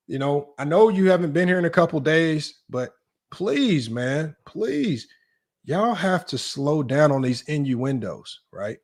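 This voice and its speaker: Guy running a sports stream, kinda high voice, animated and teasing. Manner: animated, teasing, voice jumps high in mock disbelief. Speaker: livestream sports talk host. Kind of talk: casual livestream chat.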